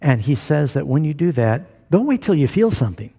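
Pastor, male, folksy preacher with a husky, warm voice, working a live church crowd. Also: on the high side, sing-song, fairly quick. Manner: folksy, joking preacher who asks the crowd for responses. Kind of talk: sermon to a congregation. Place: church before a live congregation.

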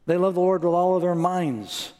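In a long-reverb hall, a man preaches with a high, mellow voice at a moderate pace. He tells dramatic stories, performing the quoted voices of his characters, and calls on the crowd for amens.

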